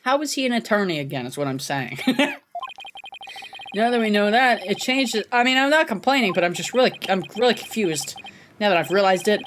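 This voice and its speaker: A woman streamer giving casual commentary over a game, excitable, swearing and laughing often. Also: mid-range voice, a little fast, a little hiss or hum.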